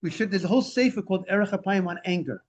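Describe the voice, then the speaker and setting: High-voiced man teaching Talmud on a call. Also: racing. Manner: animated explaining, translating Hebrew and Aramaic phrases. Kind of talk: Talmud class lecture. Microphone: video call. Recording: dull lo-fi video call audio.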